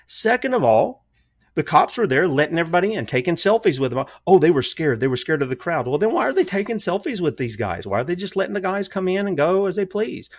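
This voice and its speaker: A man hosting a casual political commentary show, talking emphatically and firing off rhetorical questions. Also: a little high.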